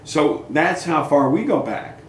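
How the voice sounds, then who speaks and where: Animated older man telling stories. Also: a little high, measured pace. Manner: animated storyteller acting out quoted dialogue. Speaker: guest musician. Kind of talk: casual storytelling interview. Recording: echoey room with faint noise.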